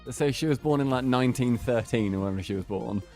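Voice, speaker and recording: A man's voice: medium pitch, fast, warm tone, soft background music. A young man co-hosting an esports show, teasing and joking through casual banter. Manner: teasing, jokey, puts on silly voices in anecdotes. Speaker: esports co-caster. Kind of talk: casual banter between matches.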